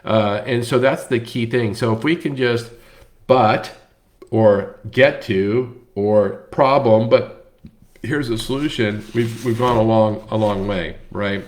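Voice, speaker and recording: A man's voice: medium pitch, slow pace. A man hosting a casual book talk, speaking conversationally with frequent fillers and restarts. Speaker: host.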